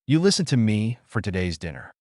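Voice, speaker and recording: A man's voice: fairly low pitch, very animated, a little fast, darkish tone, no echo, clean studio sound. A man voicing a cheerful young woman student who is a little bossy with her boyfriend. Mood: playful.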